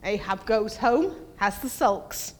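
A woman's voice: animated, slow pace. Woman preaching in a reverberant church. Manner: conversational, asks the congregation questions; acts out quoted voices in a higher pitch. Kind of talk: sermon. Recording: long reverb of a church hall.

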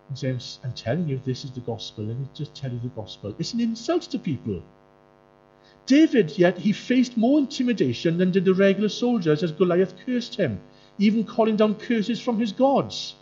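Animated preacher man. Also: a little fast, slight background noise. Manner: animated, jumps into high mocking voices for quoted characters. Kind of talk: sermon. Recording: muffled lo-fi sound with faint music.

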